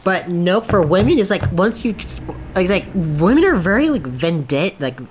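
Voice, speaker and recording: A man chatting off the cuff during a game stream. He rambles through loose, filler-packed thoughts and laughs between them. He slips into quick voices when he retells a clip. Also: high voice, a little hiss or hum. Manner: animated storytelling with quoted voices. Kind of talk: casual livestream chat.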